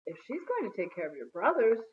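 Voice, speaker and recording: A woman's voice: mid-range voice, very animated, brisk, lightly acted. A woman voicing a matter-of-fact young boy friend who makes dry, knowing remarks, on a phone-like recording. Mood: wry. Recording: phone-like narrow sound.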